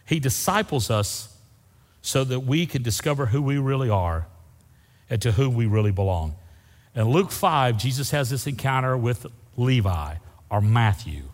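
Speaking at a moderate pace in an expressive, medium-pitched voice, an older pastor delivers a homespun sermon, asking his congregation questions. The church sanctuary gives the recording a long, hall-like reverb.

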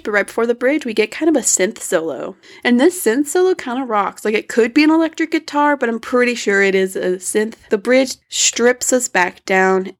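A woman casually breaking down a song's lyrics and music, explaining with enthusiasm. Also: mid-range voice. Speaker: music reviewer.

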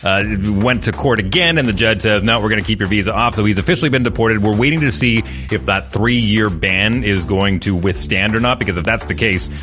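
A man's voice: on the low side, brisk, few pauses, fairly bright tone, faint music behind. A man hosting a morning radio show, giving a joking, teasing sports update.

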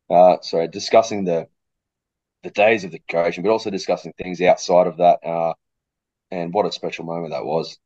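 Deep-voiced Aussie male coach guest, dry close sound, thoughtful, coughing now and then. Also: fairly even intonation, moderate pace, long pauses, a little mellow, dry recording, highs cut off. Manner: thoughtful, repeats words as he thinks. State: coughing fit. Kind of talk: casual interview chat.

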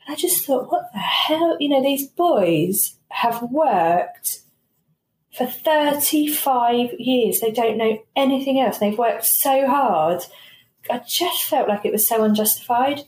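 Animated British woman telling stories. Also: fairly high pitch, takes it slowly. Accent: British English. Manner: animated, laughing storyteller who quotes herself. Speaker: guest, coach company owner. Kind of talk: casual interview chat. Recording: roomy recording with a faint hiss.

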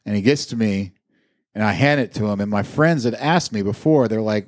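Brisk and on the low side, this podcast co-host's voice comes through in dry, studio-quality sound. He chats casually, telling a long, wandering story loaded with filler words and easygoing profanity.

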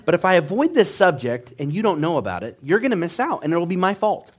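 A man preaching a sermon as pastor, telling stories with animated swings between hushed and loud delivery. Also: sits high, fast talker, slightly rough.

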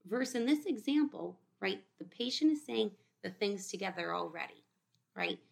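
A woman tutors through practice exam questions in a relaxed, chatty way. Her voice carries a strong, steady gravelly fry at a middling pitch. She often acts out what her students or patients might say. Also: moderate pace. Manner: conversational, quotes students and patients in little voices.

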